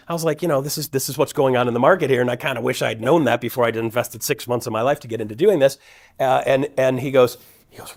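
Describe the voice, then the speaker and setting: Middle-aged male speaker, mid-range voice, casual and energetic storyteller who acts out the people he quotes. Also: medium pitch, quick pace. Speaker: guest speaker at a real estate event. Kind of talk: personal storytelling talk.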